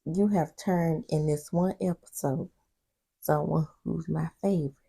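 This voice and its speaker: A woman's voice: deep voice, steady tone, a little slow, vocal fry, warm tone, slightly rough. A woman hosting a casual TV episode recap, talking in a sassy, blunt, exclaiming way. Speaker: TV recap host.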